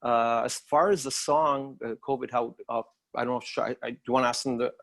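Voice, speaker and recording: A man with a Canadian accent, a songwriter guest telling his story in a steady, matter-of-fact way. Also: medium pitch, fast talker, vocal fry. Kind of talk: casual interview chat.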